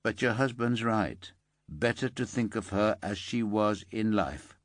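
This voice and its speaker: A man reads a tired police inspector delivering terrible news with care. He speaks low and unhurried, measured and subdued. The sound is close and dry. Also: animated, dry recording. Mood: subdued gentle. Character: weary male police inspector, careful and gentle.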